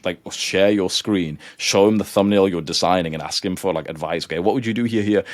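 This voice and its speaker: A man's voice: low voice, no echo. A man coaching a class, talking casually with lots of fillers and getting heated and swearing as he pushes his point. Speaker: coach lecturing students. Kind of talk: live lecture.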